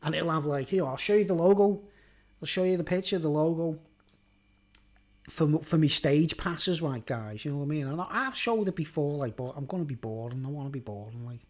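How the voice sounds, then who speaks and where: A man talks to his viewers in a loose, rambling vlog monologue, peppered with swearing and filler words. His voice sits a touch higher than most men's. The delivery is casual and unscripted. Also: expressive, a little fast, a little mellow. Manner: casual, rambling and sweary, full of "like" and "you know". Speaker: YouTuber.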